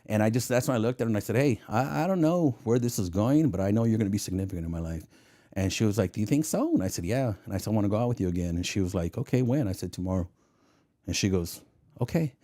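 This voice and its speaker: A man's voice: lowish voice, fast. A man, a former federal agent, telling casual stories in an interview and acting out the voices in his anecdotes, often laughing at his own jokes. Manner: animated storyteller who acts out the voices in his anecdotes.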